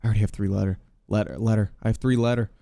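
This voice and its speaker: A young man hosting a podcast, giving loud, excitable gaming commentary with casual swearing. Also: lowish voice, rapid-fire, creaky, dry recording. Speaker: podcast host.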